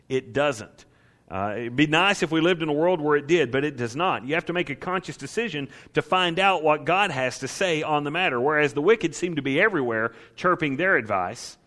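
A man's voice: a little high, fairly bright tone. A man preaching a conversational sermon, emphatic and driving his points home with repeated rhetorical questions. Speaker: preacher teaching the Psalms.

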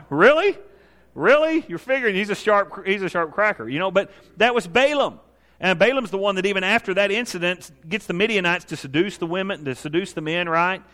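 A man preaching a sermon, retelling Bible stories with lively storytelling and voicing the figures in a lowered tone. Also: brisk, big-room sound. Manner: animated storytelling, acting out biblical figures in a lowered voice. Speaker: pastor.

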